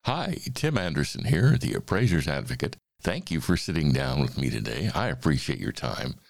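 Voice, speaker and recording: A man hosting a talk who reads a children's book aloud in a measured, expressive way. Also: very deep voice, vocal fry, dry recording. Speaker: host and reader. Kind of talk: reading a picture book aloud.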